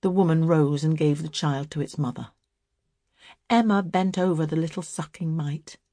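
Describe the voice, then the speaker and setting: Audiobook narrator, woman, low, breathy tone, dry close sound. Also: no room sound. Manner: measured, expressive reading. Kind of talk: literary fiction reading.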